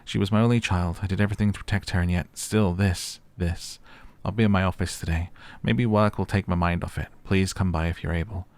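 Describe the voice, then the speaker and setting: A young man with a very deep voice plays through a story game. He reads the in-game messages out loud and breaks off into loose, casual remarks, full of "like". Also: fairly even intonation, brisk, hardly any pauses. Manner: chatty, uses "like" a lot. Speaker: gaming YouTuber. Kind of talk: let's play commentary.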